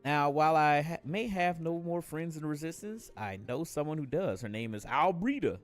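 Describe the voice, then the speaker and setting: A man's voice: fairly high pitch, expressive, normal speed, faint music behind, voice pushed up, natural voice. A man reading aloud as an earnest male former resistance fighter in a video game, speaking formally and stumbling over a few words.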